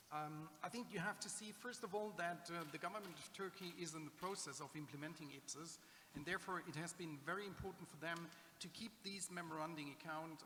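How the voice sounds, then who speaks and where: Man, German native speaker, fairly high voice, halting panel answers, full of fillers, reverberant hall, faint noise. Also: bright, forceful tone. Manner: halting, many fillers and restarts. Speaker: conference speaker on public-sector accounting. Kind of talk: answering audience questions at a panel. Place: conference hall.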